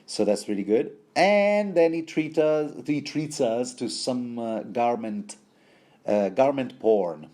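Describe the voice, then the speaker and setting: A man's voice: mid-range voice, expressive, slow, dark tone. A man giving a rambling, wry commentary on a novel, digressing often as he reads passages aloud. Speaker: book commentator.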